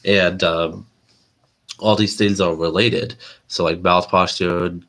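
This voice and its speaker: Deep-voiced nasal man, casual livestream host, loose and rambling. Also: fairly even intonation, slow, a bit bright. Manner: loose and chatty, many fillers and restarts.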